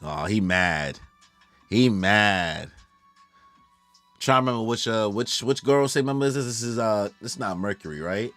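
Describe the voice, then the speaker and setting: A man's voice: lowish voice, expressive, moderate pace, a bit bright, dry recording, soft background music. A man giving casual, slangy live commentary as he reacts to a comic chapter, laughing and joking at the page. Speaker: manga reaction streamer.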